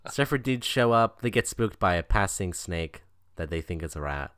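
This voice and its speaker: A man's voice: sits low, lively intonation, moderate pace, a bit bright, smooth, no echo. A man co-hosting a casual podcast, summarizing a movie's plot with dry, wry asides. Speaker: podcast co-host. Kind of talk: casual movie recap chat.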